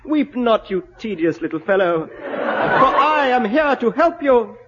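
A man plays a proud fairy godmother full of scorn in an old radio comedy sketch. The voice sits very high and swoops with lively pitch. The recording is dull, with a long hall reverb and a steady hiss behind it. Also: unhurried, exaggerated voice. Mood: grandly mocking. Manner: grand, scornful. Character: male fairy godmother, haughty, in a gown.

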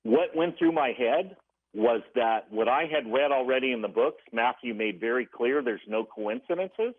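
A man's voice: medium pitch, expressive, normal speed. A man calling in to a radio show, earnestly telling a story and acting out what each person said. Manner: earnest, retelling dialogue in quotes. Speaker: caller. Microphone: telephone. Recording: tinny phone line.

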